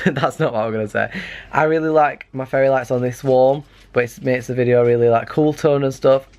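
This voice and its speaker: A man's voice: mid-range voice, steady tone, brisk, a little mellow. A young man with a slight lisp from a retainer, rambling in a casual bedroom vlog at night. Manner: chatty, rambling, self-mocking. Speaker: vlogger.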